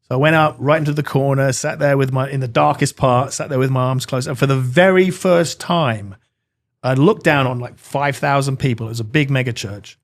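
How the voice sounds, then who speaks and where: A man's voice: medium pitch, a little fast. A middle-aged man from Britain tells his own story as an interview guest. He speaks earnestly, with a mid-range voice, and brings it alive by acting out the people in it. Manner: earnest, animated, acts out dialogue.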